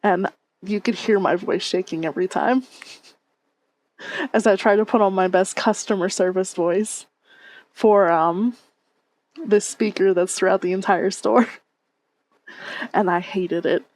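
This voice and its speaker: A woman's voice: medium pitch, fairly even intonation, unhurried, long pauses, darkish tone. Chatty woman streamer on a headset. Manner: chatty, laughs often, reads and answers chat. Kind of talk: casual chat with stream viewers. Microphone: headset mic.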